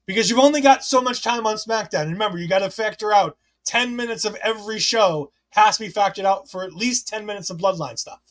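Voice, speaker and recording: A man with a high, light voice hosts a relaxed wrestling recap. He talks in a chatty, rambling way, often restarting his sentences, and reads listener comments aloud to his co-host. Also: fast, few pauses. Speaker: podcast host. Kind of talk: casual wrestling recap chat.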